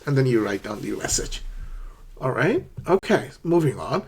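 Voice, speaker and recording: A man's voice: mid-range voice, very animated, moderate pace, husky. A man teaching a spoken English lesson, acting out both sides of phone calls. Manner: acts out both sides of phone calls, in a raised, brighter voice for the quoted lines.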